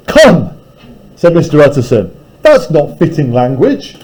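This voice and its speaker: Male teacher, lively and animated, reading to a class and explaining as he goes. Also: a little high, a little slow, husky, poor audio. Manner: reads aloud, then paraphrases casually.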